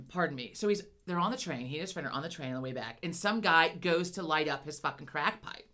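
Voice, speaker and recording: A woman with a lowish voice chats casually as a podcast co-host. She wanders through her story, swears freely, and stops now and then to cough or clear her throat. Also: expressive, brisk, sharp tone. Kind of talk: casual chat.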